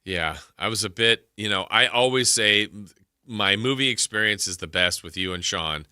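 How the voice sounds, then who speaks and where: A man hosting a sports radio show, chatting casually and trailing off in a relaxed, rambling way. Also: lowish voice, moderate pace, clean tone, no echo, clean studio sound. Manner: rambling, laid-back, trailing off. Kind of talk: casual chat and show segue.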